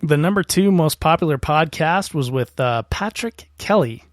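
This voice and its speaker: Halting man hosting a podcast. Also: fairly high pitch, lively intonation, no echo. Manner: halting, many fillers, appreciative. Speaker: podcast host. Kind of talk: introducing a guest segment. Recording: dry, close audio.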